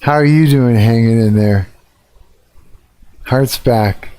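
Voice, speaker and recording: Slow-talking, frustrated male streamer. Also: medium pitch, mellow. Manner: frustrated, swearing, ranting. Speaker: live streamer. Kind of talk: casual live-stream chat.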